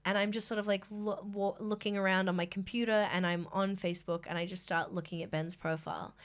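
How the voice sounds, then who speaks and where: A young woman co-hosting a podcast, telling stories in a rambling, animated casual chat. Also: medium pitch, a little fast, clear, resonant tone. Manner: rambling, animated storytelling with laughs. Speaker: podcast co-host.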